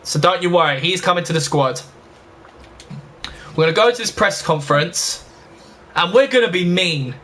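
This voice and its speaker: Bright-voiced young gaming host. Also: male voice, sits high, animated. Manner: chatty, talks straight to viewers, quick to get annoyed. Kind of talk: casual let's-play commentary.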